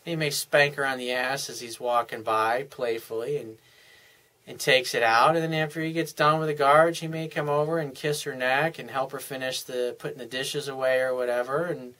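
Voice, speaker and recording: A man's voice: mid-range voice, steady tone, fairly quick, sharp tone. Earnest man giving relationship advice. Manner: earnest, explaining step by step with casual frank language. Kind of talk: unscripted advice monologue.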